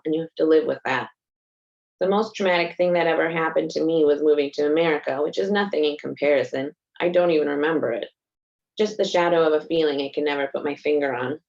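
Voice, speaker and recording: A woman's voice: sits low, creaky, a little mellow, lo-fi sound. A woman author reading a first-person passage from her own novel in a reflective narrating manner.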